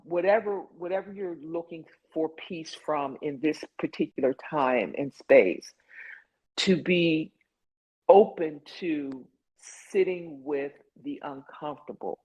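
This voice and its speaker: A low, husky female voice leads an online support group over a video call with dull, lo-fi sound. She speaks earnestly and casually. Her talk is sprinkled with lots of "like" and "you know."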